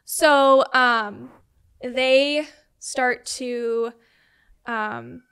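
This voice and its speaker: A young woman speaking in a slightly high voice, recounting a personal story to an interviewer. She talks casually, with lots of fillers, and slips into quoting others as she goes. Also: extremely slow, a bit bright, smooth. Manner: conversational, many "like" and "um" fillers, quotes family members in retelling. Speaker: interview guest.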